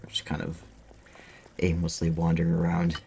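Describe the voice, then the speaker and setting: A man's voice: sits low, monotone, normal speed, vocal fry, darkish tone, soft background music. A man giving rambling, casual gameplay commentary, cursing freely as he plays. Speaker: streamer.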